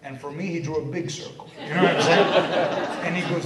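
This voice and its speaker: A man in his thirties from Quebec giving a lively motivational seminar talk, joking and poking fun at himself as he tells his story. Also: high-pitched, fairly quick, very noisy. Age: 30s. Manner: energetic, joking, self-mocking storyteller. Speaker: business seminar speaker. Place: seminar hall with a live audience. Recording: echoey hall, distant mic, audience.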